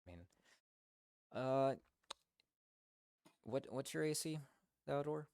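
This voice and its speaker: A man's voice: medium pitch, takes it slowly, darkish tone, dry recording, studio quality. A man playing a tabletop game, hesitant with many fillers and casual swearing. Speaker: player.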